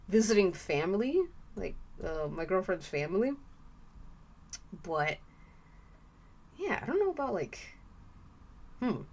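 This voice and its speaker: A young woman streaming while she draws, chatting casually and rambling with the odd swear word. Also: medium pitch. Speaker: art streamer.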